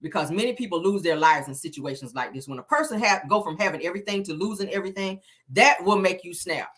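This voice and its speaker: A woman's voice: fairly low pitch, animated, fast, a bit bright. A woman, hosting a casual gossip commentary and talking bluntly and emphatically, swearing freely. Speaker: entertainment commentary host.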